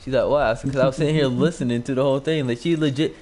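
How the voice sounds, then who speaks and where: A man's voice: medium pitch, fairly even intonation, racing, a little mellow. A young man, a gaming YouTuber, telling a casual story into a new microphone. He rambles, fills his talk with "like", and acts out the quoted lines. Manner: rambling, heavy on "like" fillers. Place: at home, streaming live while gaming. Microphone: new desk microphone.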